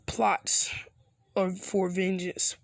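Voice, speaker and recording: Give me a plotting male fox spirit with a gravelly edge, put on by a storytelling narrator. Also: medium pitch, level tone, very slow, no echo, clean studio sound. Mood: scheming. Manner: casual, loose slang delivery. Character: male fox spirit sealed in a boy, scheming.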